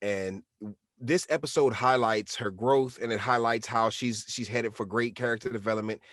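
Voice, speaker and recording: A man co-hosting a podcast in casual chat, talking in an animated, slangy way and acting out quotes. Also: medium pitch, moderate pace, no room sound, studio quality. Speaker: podcast co-host.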